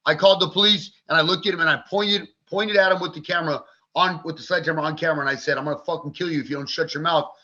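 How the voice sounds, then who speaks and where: A man in his forties, speaking as a podcast guest in a fairly high, sharp-edged voice. He tells his story bluntly and vividly, with plenty of swearing. The recording sounds dull and lo-fi. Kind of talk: candid interview storytelling.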